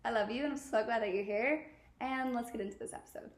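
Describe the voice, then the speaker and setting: Woman podcast host, twenties, bubbly, swears a lot, higher voice, roomy echo. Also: fast, background noise. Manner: bubbly, chatty, swears and laughs freely. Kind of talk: casual chat podcast. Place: at home. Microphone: podcast mic. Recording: echoey room.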